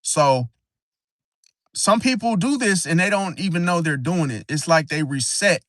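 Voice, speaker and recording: Casting: man, slightly high voice, AAVE speech, rambling talk-show host with frequent restarts, dry mic. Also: lively intonation, a bit bright, no echo. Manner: rambling, halting, frequent "see?" tag. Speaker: astrology channel host. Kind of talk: casual livestream talk.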